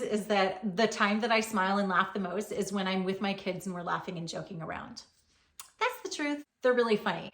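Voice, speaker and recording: Brief: woman in her forties, yoga teacher, blunt and joking with the odd swear, mid-pitched, casual chat at home, echoey room. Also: fairly bright tone. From Hawaii. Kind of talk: casual Q and A vlog.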